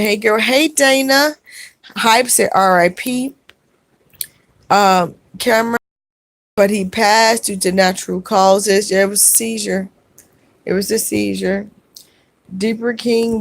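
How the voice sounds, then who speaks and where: A woman hosts a casual livestream, reading viewers' comments aloud and answering each one. She speaks softly and haltingly, with frequent fillers and restarts, at an average pitch. The sound is dry and close, with no room echo. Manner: soft-spoken, halting, many fillers and restarts. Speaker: livestream host.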